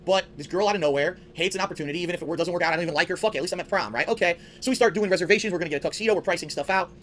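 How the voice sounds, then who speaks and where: A man telling a story as an angry, profane rant, indignant and rapid-fire. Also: high-pitched, fairly bright tone, slight background noise. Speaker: ranting show host.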